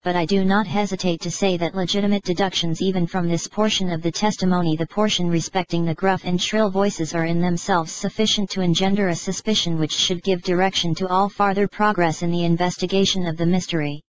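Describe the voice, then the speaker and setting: A woman narrating an audiobook in a measured, even reading style. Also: on the low side, slight background noise, poor audio. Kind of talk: scripted narration.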